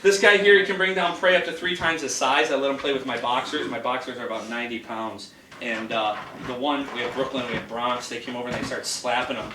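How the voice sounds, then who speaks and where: A man's voice: mid-range voice, fairly even intonation, quick pace. Man, animal handler, middle-aged, jokey storyteller, noisy background, recorded from across the room. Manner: chatty, jokey, laughs through stories. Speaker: exotic animal handler and educator. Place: indoors in a house. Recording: roomy, distant home video with background noise.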